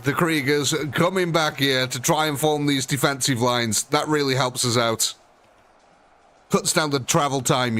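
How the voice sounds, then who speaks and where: A man's voice: on the high side, fairly bright tone. A man commentating a live strategy game, chatty and thinking aloud, often talking straight to the units on screen. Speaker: gaming streamer.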